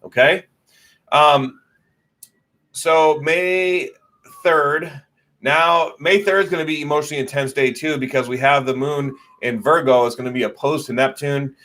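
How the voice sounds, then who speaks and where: A man with a fairly high, fairly bright voice speaks a little slowly while hosting a casual astrology livestream. He talks loosely, swearing a lot and using many fillers, and responds to viewer comments as they come in.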